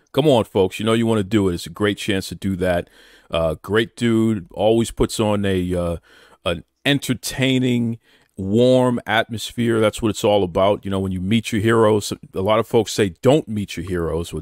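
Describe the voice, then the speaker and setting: Upbeat low-voiced podcast host. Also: male voice, no room sound, clean studio sound. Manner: upbeat, promotional, agreeable. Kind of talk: casual podcast interview.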